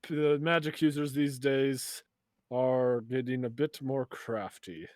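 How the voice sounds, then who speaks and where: A man voicing a calm, guarded male character in a tabletop game. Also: medium pitch, slow pace, dry recording, lightly acted. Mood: measured.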